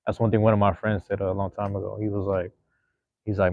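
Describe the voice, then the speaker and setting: A man's voice: lowish voice, steady tone, fairly quick, no room sound, lo-fi sound. A man hosting a casual solo livestream, rambling in a laid-back, slangy way. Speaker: livestream host.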